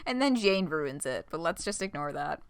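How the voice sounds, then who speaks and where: A woman's voice: sits low, sing-song, moderate pace, smooth, dry recording. A young woman live-streaming a read-aloud of a fan story, swearing, laughing and gushing between passages.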